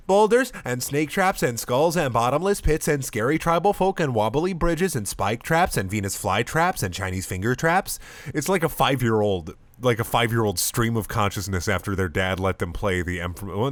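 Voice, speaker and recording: A man's voice: mid-range voice, no room sound. A man giving a comedic, sarcastic reading of fan fiction, swearing and laughing as he goes.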